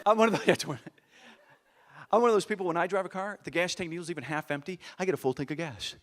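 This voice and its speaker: A middle-aged man performing live stand-up comedy on a theater stage, animated and exasperated, with audience laughter behind him. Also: high-pitched, fast talker. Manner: animated, acts out exasperated voices.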